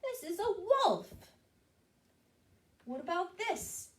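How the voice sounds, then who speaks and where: A woman librarian leads a children's storytime guessing game. Her voice is high and swoops widely in pitch. She speaks very slowly and clearly for young listeners. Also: sing-song.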